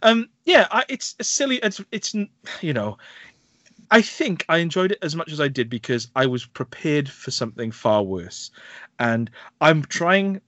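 A man's voice: on the high side, unhurried, no echo. A man hosting a podcast, animatedly retelling film scenes in casual chat and acting out the lines. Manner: animated storytelling, acts out quoted lines, laughs often. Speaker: podcast host reviewing films. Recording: dry, slightly dull podcast audio.

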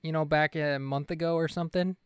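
Jokey co-host, man, smooth, clear voice, dry close mic, says "like" a lot. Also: on the high side, fairly even intonation, brisk, no room sound. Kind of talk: casual chat.

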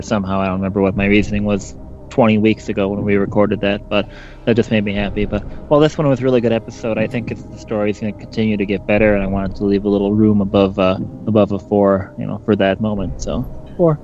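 Low-voiced rambling man on a dull line. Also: level tone, fast talker, a little mellow, soft background music. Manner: rambling, explains his reasoning. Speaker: podcast panelist. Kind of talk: casual panel chat.

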